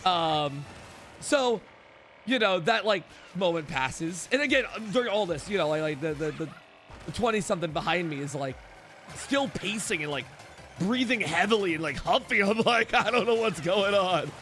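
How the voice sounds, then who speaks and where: A man's voice: high-pitched, animated, moderate pace, a bit bright, faint music behind. A young man streaming, telling a rambling story to his chat with lots of "like" and restarts.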